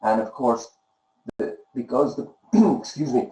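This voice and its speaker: A man giving gentle, encouraging feedback on student drawings as an art tutor, pausing often with fillers. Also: mid-range voice, very animated, roomy sound, low-quality recording.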